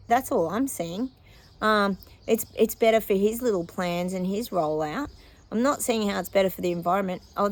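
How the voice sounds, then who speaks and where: A mid-range, creaky voice with an Australian accent belongs to a psychic offering predictions. She talks to viewers in a rambling, casual way, laughing frequently and elongating her words.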